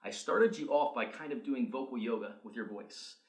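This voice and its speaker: Man, vocal coach, energetic, teaching exercises, medium pitch, roomy echo. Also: normal speed. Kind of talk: instructional video demonstration.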